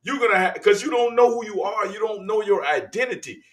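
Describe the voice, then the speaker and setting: A man's voice: high-pitched, animated, a little fast, a bit bright. A man from the United States hosting casual commentary on video clips, chatty and loose, talking to viewers as y'all. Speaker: host.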